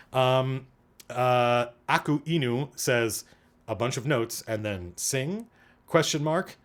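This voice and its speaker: A man hosting a livestream, chatting casually and digressively as he answers questions from chat. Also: mid-range voice. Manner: animated, digressive, thinking aloud.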